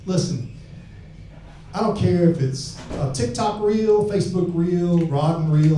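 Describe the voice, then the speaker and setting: A stand-up comedian from Alabama works a club stage with a handheld mic, crude and brash, shouting his punchlines. His voice sits on the high side, and the roomy club sound is picked up from far off with a little hiss or hum.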